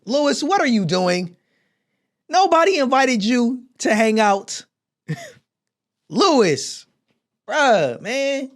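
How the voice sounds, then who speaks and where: A woman hosting a reaction video, animated, slangy and often laughing. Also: on the high side, slow pace, long pauses. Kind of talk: casual reaction commentary.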